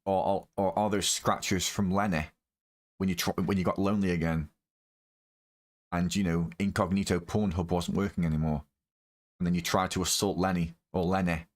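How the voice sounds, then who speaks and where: A man hosting a live reaction, his voice sitting a little low. He rants in an angry, profane stream, repeating himself as his temper rises. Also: little pitch movement, normal speed. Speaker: reaction video host.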